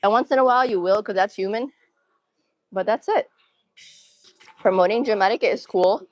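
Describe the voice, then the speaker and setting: A woman's voice: medium pitch, normal speed, no echo. A young woman live-streaming her gym workout, a little out of breath, chatting casually and counting reps and form cues between sets. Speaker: fitness streamer.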